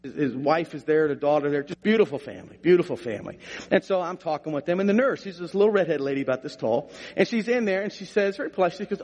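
A man's voice: fairly high pitch, animated, fast talker, darkish tone. A middle-aged male pastor preaching a sermon, telling a funny story in a folksy way before building into emphatic preaching. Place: church sanctuary. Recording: long reverb of a church hall.

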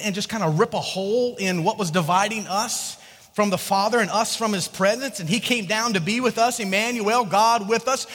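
A male pastor delivers a lively sermon, telling the story and acting out the characters as he goes. His voice sits high and bright. It rings out with a long hall reverb.

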